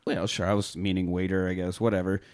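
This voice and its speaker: Animated, profane podcast storyteller man. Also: deep voice, fast. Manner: animated storyteller, heavy swearing, acts out quotes. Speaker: podcast co-host. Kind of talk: casual film-review chat.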